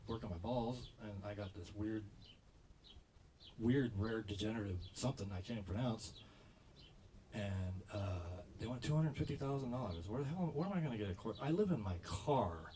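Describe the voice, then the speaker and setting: A man's voice: lowish voice, animated, moderate pace, warm tone, slight background noise. A man doing stand-up, telling a rambling story full of restarts. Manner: rambling, self-correcting delivery. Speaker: stand-up comedian.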